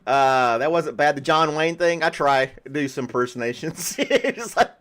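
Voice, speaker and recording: Guy hosting a chill podcast, keeps cracking up, pitch bounces all over. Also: animated, unhurried, fairly bright tone. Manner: laughs often, amused. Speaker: podcast host. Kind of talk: casual chat.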